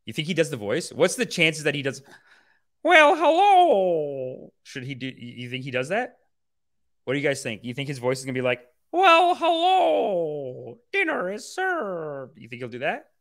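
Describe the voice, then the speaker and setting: A man's voice: mid-range voice, fast. Profane, rambling male podcast host. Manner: animated, profane, rambling riffing. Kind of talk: casual chat reacting to a trailer.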